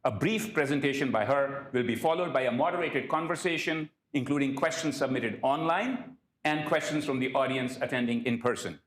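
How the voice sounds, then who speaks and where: A man's voice: medium pitch, a little fast, hardly any pauses, a bit bright, reverberant, slight background noise. A man hosting a university lecture, reading a formal scripted introduction of the guest speaker with a few small slips. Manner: reads from prepared remarks, occasional slips. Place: university event hall.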